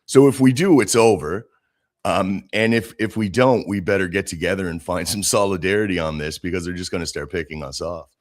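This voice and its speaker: A man's voice: low voice, fairly quick, no room sound, clean studio sound. A man co-hosting a podcast, talking casually and bluntly about politics, swearing freely. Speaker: podcast co-host.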